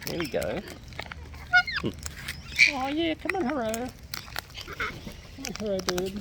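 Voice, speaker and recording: A woman coos and baby-talks to the wild birds gathering around her, speaking slowly with a gravelly edge. Her pitch sits low but swings widely as she greets them. The outdoor recording carries clear background noise. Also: sing-song. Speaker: bird feeder vlogger. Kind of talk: casual chat with wild birds.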